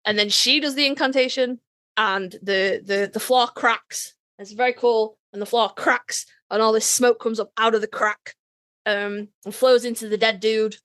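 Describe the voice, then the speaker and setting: A woman's voice: a little high, fairly even intonation, moderate pace, a bit bright. A woman co-hosting a podcast, chatting casually as she retells a TV episode, swearing freely and acting out the characters' lines. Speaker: podcast co-host. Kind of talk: casual chat recapping a TV episode. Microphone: online voice chat.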